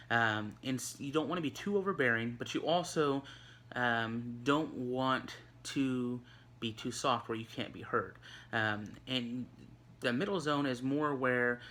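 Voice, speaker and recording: Bright-voiced male teacher, chatty. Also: mid-range voice, slight background noise. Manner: conversational, many fillers and restarts. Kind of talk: recorded online lesson. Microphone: recorded for an online video.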